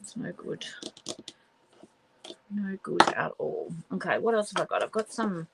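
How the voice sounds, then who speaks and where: A woman's voice: mid-range voice, big pitch swings, measured pace, vocal fry, heavy background noise. A woman hosting a papercraft livestream, muttering to herself as she works and chatting with viewers. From Australia. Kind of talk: casual crafting livestream chat.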